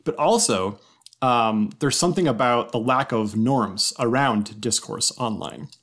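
A man's voice: medium pitch, lively intonation, a little slow, a bit bright. A man co-hosting a podcast, musing aloud in casual chat, hesitant, with many fillers and tag questions. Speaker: podcast co-host.

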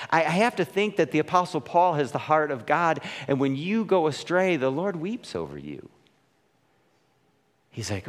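A male pastor delivers a casual, questioning sermon, checking in with "right?" after his points. His voice climbs and dips with lively swings in pitch. Long reverb from a large hall trails each phrase. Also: moderate pace. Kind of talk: conversational sermon.

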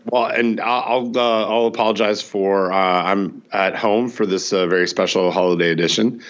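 A man co-hosting a podcast from home, talking casually and haltingly, with many uhs. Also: lowish voice, steady tone, muffled recording. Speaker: podcast co-host. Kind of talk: casual chat. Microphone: podcast microphone.

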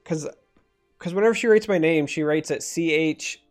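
A man's voice: on the high side, moderate pace, faint music behind. A man from northern Michigan with a slightly nasal accent, co-hosting a casual stream chat and explaining game rules at length. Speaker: stream co-host.

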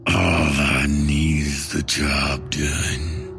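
Man voicing a sly masked horseman, gravelly, smug, drawling, for an audio horror story. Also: a bass voice, flat delivery, very slow, music in the background, voice pushed down, full character voice. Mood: menacing. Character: menacing masked male rider, sly and cruel.

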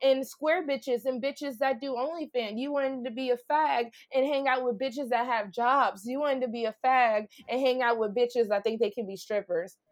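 A preachy, bullying male pimp, as a woman quotes him in her own story. He talks down in crude, hammering lines. The voice sits a little high. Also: moderate pace, few pauses, lightly acted. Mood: domineering. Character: domineering controlling male pimp lecturing.

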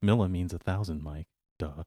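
A man's voice: deep voice, mellow, a little hiss or hum. A man co-hosting a casual podcast, quipping and laughing along. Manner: jokey, laughs often, quick quips. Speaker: podcast co-host. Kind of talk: casual chat.

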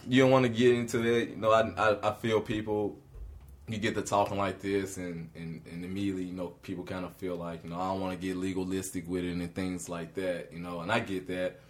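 A man co-hosting a casual faith talk, animated and often laughing as he preaches. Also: sits low, a little fast.

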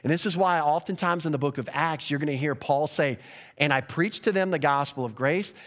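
A man's voice: on the high side, fairly quick, fairly bright tone. A male pastor delivering a sermon in a conversational style, asking the congregation rhetorical questions.

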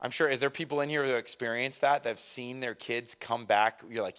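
A middle-aged man preaching a sermon to a congregation in a conversational, lively way, with self-deprecating asides about parenting. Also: medium pitch, a little fast, few pauses. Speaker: pastor.

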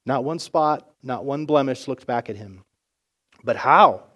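A male pastor narrating a story in a sermon with expressive storytelling. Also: mid-range voice, normal speed.

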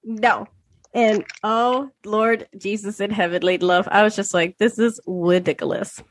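A woman in her thirties co-hosting a podcast, telling an animated story with lots of swearing and acted-out quotes. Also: medium pitch, unhurried. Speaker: podcast co-host. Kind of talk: casual chat.

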